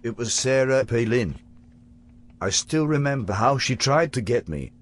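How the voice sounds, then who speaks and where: A man playing a drunk, chain-smoking clown from the future, speaking slowly in a put-on British accent with a raspy, pompous manner. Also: medium pitch, lively intonation. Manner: slow, pompous, lecturing. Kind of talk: comedy sketch acting.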